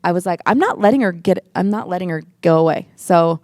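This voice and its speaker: A woman's voice: lowish voice, animated, brisk, darkish tone, no echo, studio quality. A woman guest on a church podcast telling her personal story with earnestness, near tears at times. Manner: earnest, emotional storytelling, acts out quoted voices. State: tearful at times. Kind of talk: personal testimony in casual chat.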